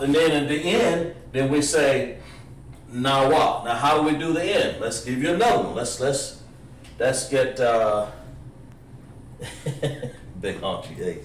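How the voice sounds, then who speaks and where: A man teaching a livestreamed language lesson, drawing out words slowly for pronunciation drills and chatting with viewers between examples. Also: mid-range voice, expressive, a little hiss or hum. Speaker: instructor. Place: room, livestream. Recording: roomy echo, far from the mic.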